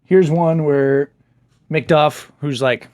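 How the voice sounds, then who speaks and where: A man's voice: fairly high pitch, fairly even intonation, slow, darkish tone, no echo. Enthusiastic man chatting about a book. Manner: enthusiastic, chatty, laughs often. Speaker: book reviewer. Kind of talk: casual book review vlog.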